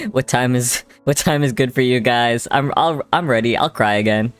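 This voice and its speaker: A man's voice: medium pitch, big pitch swings, normal speed, soft background music. A young man streaming live while drawing, chatting casually with his chat in a rambling way and swearing freely.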